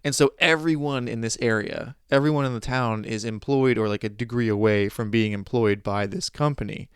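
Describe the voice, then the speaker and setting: A man's voice: medium pitch, moderate pace, clean tone, dry recording, studio quality. A male podcast host, sardonic and profane, questioning his guest. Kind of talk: casual interview talk.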